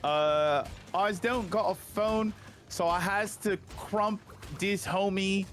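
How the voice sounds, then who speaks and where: A man hamming up a gruff orc warlord. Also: high-pitched, fairly bright tone, faint music behind. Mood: rowdy. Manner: halting, unsure put-on accent that wanders between regions. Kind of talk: casual charity livestream.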